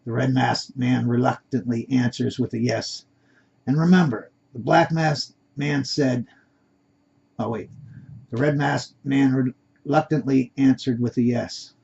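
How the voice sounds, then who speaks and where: A man's voice: medium pitch, fairly even intonation, measured pace, creaky, a little mellow, husky. A man reading his own story aloud, unpolished and correcting himself as he goes, on a dull lo-fi recording.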